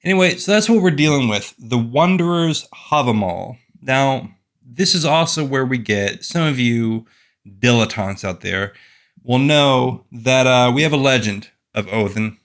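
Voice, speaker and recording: In a relaxed to-camera monologue, a man who writes and runs a fantasy fiction channel speaks at a medium pitch and a measured pace. His fairly bright, expressive delivery keeps wandering off into dry jokes at his own expense.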